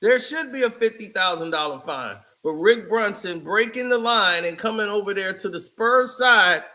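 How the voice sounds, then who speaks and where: A man doing casual, animated reaction commentary on a basketball clip, mocking and shouting as he reacts. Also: sits high, moderate pace. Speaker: sports commentary streamer.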